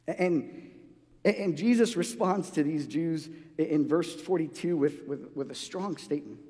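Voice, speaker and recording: A man's voice: fairly high pitch, unhurried, warm tone. A man preaching a sermon in a loose, conversational way, restarting phrases often and acting out the voices he quotes. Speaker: pastor. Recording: long hall reverb.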